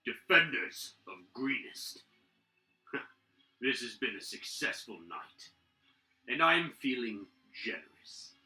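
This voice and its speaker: A man's voice: lively intonation, takes it slowly, pauses often, bright, forceful tone, reverberant, soft background music, exaggerated voice. A man voicing a cruel, taunting male half-dragon warlord who calls out from a distance in a tabletop game. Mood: mocking. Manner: mocking, booming from a distance.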